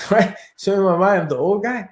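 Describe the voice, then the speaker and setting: A martial arts teacher telling a story in an interview, animated and acting out his inner thoughts. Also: sits high, normal speed. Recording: echoey room.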